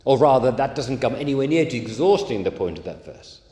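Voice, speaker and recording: A man preaching a sermon, leaning hard and slowly on key words. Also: medium pitch, expressive, warm tone. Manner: emphatic, slow stresses on key words. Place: church. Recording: echoey church hall.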